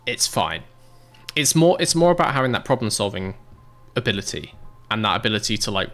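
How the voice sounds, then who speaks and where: A man's voice: fairly low pitch, bright, forceful tone. A young British man casually commentating a racing manager game, chatting and answering chat in a rambling, swearing way. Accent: British English. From Britain.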